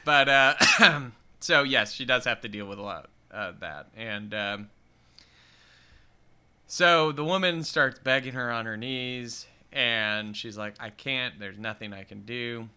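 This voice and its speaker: A man chatting casually on a podcast, recapping a movie with lively energy. His voice is very bright and crisp, smooth and clear, and he slips into goofy character voices as he goes. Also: slow pace. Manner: animated retelling, jumping into high silly voices for characters. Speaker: podcast co-host. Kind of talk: casual film discussion.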